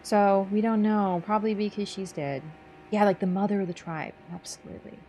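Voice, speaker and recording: A woman's voice: medium pitch, fairly even intonation, a little fast, dark tone, slight background noise. A young woman streaming a video game, chatty and casual, swearing and laughing as she talks. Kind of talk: gaming stream commentary.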